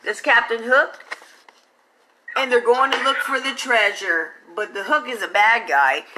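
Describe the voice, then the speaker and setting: A woman reading a picture book aloud to children, with lively, chatty asides to her young listeners. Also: fairly high pitch, measured pace, noisy background. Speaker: children's story reader.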